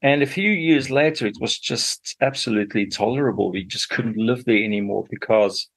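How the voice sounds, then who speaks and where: A man's voice: mid-range voice, fairly quick, vocal fry, a bit bright. A middle-aged man from Zambia with a Zambian accent, a radio interview guest telling his story unhurriedly with many fillers.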